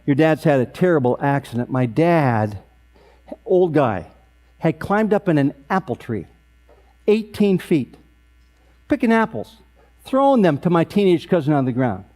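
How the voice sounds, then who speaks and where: A man in his sixties emcees an awards event, telling a family story with deadpan comic timing. His voice sits a touch high for a man. A faint mains hum runs under it. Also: measured pace, pauses often.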